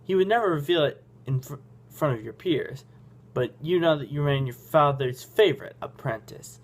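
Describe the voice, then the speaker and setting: A man's voice: on the high side, expressive, moderate pace. Goofy man reading a story game aloud. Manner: goofy, self-mocking. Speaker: game channel host.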